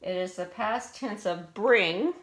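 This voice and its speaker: A middle-aged woman teacher patiently walking students through spelling words, asking them questions as she goes. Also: medium pitch. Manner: slow, patient, explains and asks questions.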